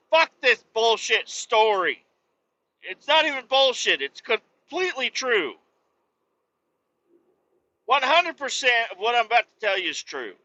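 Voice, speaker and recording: A man hosting a podcast, telling rambling childhood stories full of swearing and flying into loud rants. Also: sits high, no echo, lo-fi sound. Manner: rambling, swears a lot, rants loudly when interrupted. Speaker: podcast host. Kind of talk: profane comedic storytelling.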